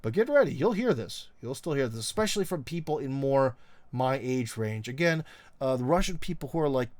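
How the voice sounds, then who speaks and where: A man's voice: mid-range voice, no room sound. Man, middle-aged, live stream host, casual chat, rambling, lots of ums and uhs, wry teasing, dry close sound.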